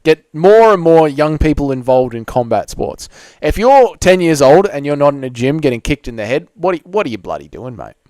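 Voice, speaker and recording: A man hosts a casual live stream, reading out viewer comments and joking back at them. His voice is a touch higher than most men's, and the close desk mic gives a dry sound with no room echo. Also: sing-song, normal speed, darkish tone. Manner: loose, joking, banters with viewers.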